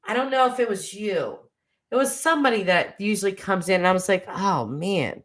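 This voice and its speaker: Lively chatty woman streamer. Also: mid-range voice. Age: 40s. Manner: chatty and self-mocking, laughs often. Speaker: livestream host. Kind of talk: casual livestream chat reading viewer comments.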